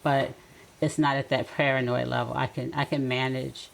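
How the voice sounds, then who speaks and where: Middle-aged woman guest, deep and gravelly, reflective and advising; casual chat. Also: little pitch movement, moderate pace, rough recording. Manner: reflective, gently advising, with soft laughs. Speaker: podcast guest. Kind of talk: casual conversation.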